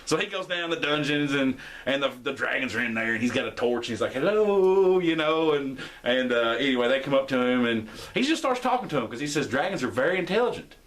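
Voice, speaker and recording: A young man hosting a podcast, casually recapping an episode and acting out the characters' lines with shifting pitch. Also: expressive, fast, hardly any pauses, a bit bright. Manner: rambling, acts out quotes with shifting pitch. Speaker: podcast host.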